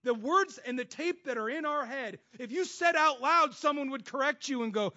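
A man preaching a sermon with passion, moving between loud bursts and hushed stretches. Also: very high voice, lively intonation, normal speed. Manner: acts out God's voice and inner voices in quotes. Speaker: pastor. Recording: dull lo-fi sound.

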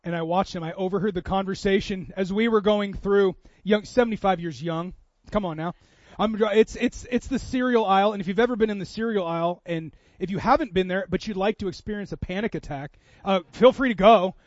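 A man in his thirties preaching a sermon, telling stories with swings from loud bursts to quiet moments. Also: high-pitched, a little fast, no room sound, lo-fi sound. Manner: animated storytelling, swings from loud to soft. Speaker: pastor.

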